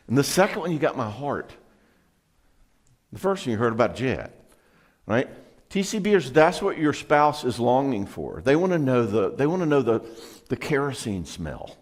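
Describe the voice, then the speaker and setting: A middle-aged man, a counselor, giving an earnest, conversational seminar talk and telling personal stories, often dropping his voice low for emphasis. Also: big pitch swings, unhurried, long pauses, a little mellow.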